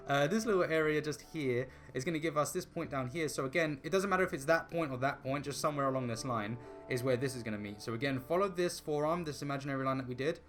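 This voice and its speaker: A man's voice: medium pitch, fast talker, few pauses, fairly bright tone, soft background music. A man hosting a casual drawing tutorial, thinking aloud as he sketches and chatting with self-deprecating asides. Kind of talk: casual rambling drawing narration.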